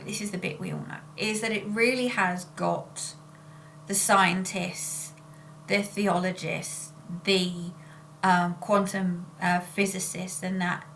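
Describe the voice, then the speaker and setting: A woman talks casually to her viewers, drifting off topic and catching herself mid-sentence. Her voice sits at a middling pitch for a woman, and a faint hum runs underneath the recording. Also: fairly bright tone. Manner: rambling and self-interrupting. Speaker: spiritual channeler and vlogger. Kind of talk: casual chat.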